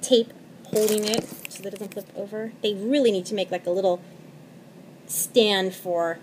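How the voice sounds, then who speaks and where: A woman in her thirties, a mother, rambling casually through a craft tutorial at home at night, laughing often and dropping into quiet asides. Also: medium pitch, steady tone, moderate pace, slight background noise. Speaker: crafting vlogger. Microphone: tablet camera.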